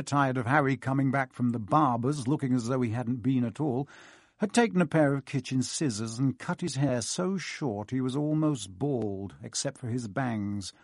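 A man reading an audiobook with lively, expressive narration. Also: medium pitch, no room sound, studio quality.

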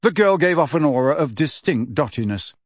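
Measured male audiobook narrator. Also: on the high side, big pitch swings, no echo, studio quality.

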